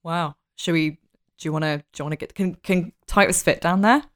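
A woman's voice: fairly low pitch, a little fast. A woman playing a tabletop role-playing game, chatting casually and laughing often. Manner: giggly, playful, dips into character quotes. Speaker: player. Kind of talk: tabletop role-play chat.

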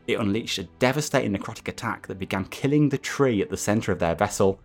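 A man's voice: fairly low pitch, quick pace, faint music behind. A chatty man hosting a tabletop game as game master, reading a recap. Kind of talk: casual chat and scripted recap narration. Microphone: webcam setup.

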